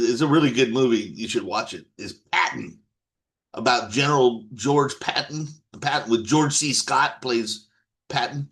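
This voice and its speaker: A man's voice: on the high side, fairly bright tone. A man giving an off-the-cuff political monologue to his viewers, rambling with many restarts and blunt swearing. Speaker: political commentator.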